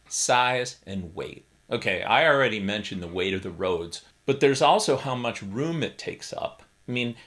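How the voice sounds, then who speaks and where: A man's voice: medium pitch, fairly bright tone. A middle-aged man casually explaining music gear in a vlog from a small home studio, with wry, self-deprecating humor. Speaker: keyboard YouTuber.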